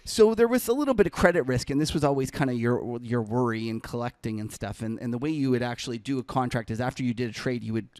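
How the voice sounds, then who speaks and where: A trader and podcast co-host with a mid-range, expressive, slightly mellow voice tells a long trading anecdote in a casual chat. He's a fast talker who hardly pauses, rambling through fillers, restarts and self-corrections, acting out other people's lines and laughing along. The sound is clear and resonant, studio quality with no echo.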